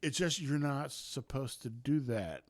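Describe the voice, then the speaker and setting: A man co-hosting a podcast, telling stories in a halting way, repeating words and laughing often. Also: mid-range voice, expressive, dry recording. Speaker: podcast co-host. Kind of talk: casual chat.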